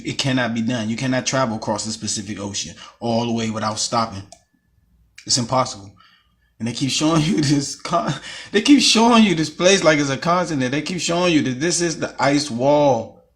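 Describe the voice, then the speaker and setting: With a mid-range, fairly bright voice carrying a breathy edge, an American guy vents in a casual vlog. He swears often, repeats himself, and sounds heated throughout.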